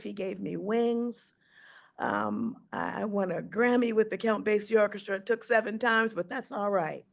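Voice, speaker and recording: A woman in her sixties, a jazz singer and teacher, telling a personal story in a speech, acting out the voices. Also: medium pitch.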